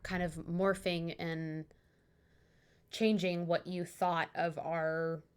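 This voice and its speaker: A woman's voice: fairly low pitch, flat delivery, slow pace, clean tone. A woman co-hosting a podcast, chatting in an easygoing, agreeable way. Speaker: podcast co-host. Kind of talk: casual fan discussion.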